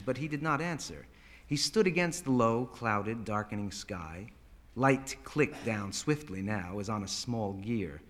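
A man narrating a story aloud with animated, dramatic delivery. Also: mid-range voice. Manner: animated, voices characters.

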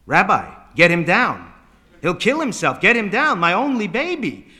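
Frantic mother in a story, read by a man, raised and urgent, bright tone. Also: high-pitched, big pitch swings, moderate pace, pitched above the performer's own voice, heavily acted. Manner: anxious, pleading. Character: frantic worried mother, adult woman.

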